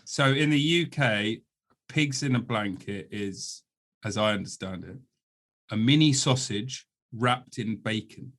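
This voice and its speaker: Wry British podcast host. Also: male voice, lowish voice, a bit bright. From United Kingdom. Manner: wry, dry humor, deliberate. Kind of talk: casual podcast chat.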